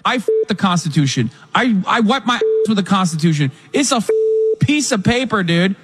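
A man ranting in a crude, aggressive, mocking way in a played clip, with a raspy voice. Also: sits high, very animated, brisk, fairly bright tone, big-room sound. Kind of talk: profane ranting.

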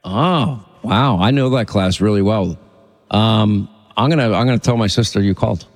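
A man from Long Island hosting a call-in radio show, quick and chatty, cutting in often. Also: fairly low pitch, big-room sound. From Long Island, New York. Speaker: radio host.

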